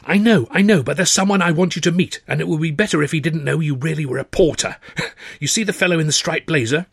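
A jittery, gushing young student, all urgency and nerves, as a male narrator plays him. The voice sits far above the reader's natural pitch. It sounds dry and up close, like a storybook recording. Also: fast, vocal fry, slightly rough, no echo. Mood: urgent. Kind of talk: audiobook character voice.

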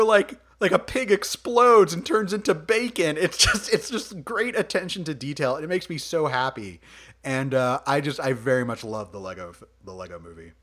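A man hosting a podcast, chatting casually about movies, animated, laughing often and swearing freely. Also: on the high side. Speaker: podcast host.

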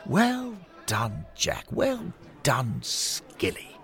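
A man's voice: fairly high pitch, huge pitch swings, drawn-out words, a bit bright, soft background music, pitched above the performer's own voice, full character voice. A man voicing an enthusiastic older male ghost who speaks eagerly and exclaims often. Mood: delighted. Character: warm-hearted old male ghost, enthusiastic old friend.

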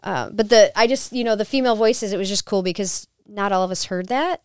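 A woman guest on a podcast, telling her paranormal investigation story in a casual, animated way and acting out quotes. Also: medium pitch, brisk, clean tone, no room sound, studio quality.

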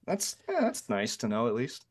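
A podcast co-host chatting in an excited, rambling way. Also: male voice, medium pitch, moderate pace, slightly rough. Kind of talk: casual chat.

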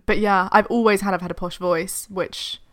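A woman's voice: mid-range voice, steady tone, moderate pace, a crowd in the background. A young woman with a posh southern English accent, co-hosting a podcast in casual chat and talking in an agreeable, reflective way. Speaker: podcast co-host.

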